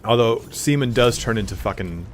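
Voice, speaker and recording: A man's voice: medium pitch, normal speed, a little hiss or hum. A man streaming a game, telling profane, rambling anecdotes and acting out the voices in them. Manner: acts out voices in his stories. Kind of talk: casual chat while gaming.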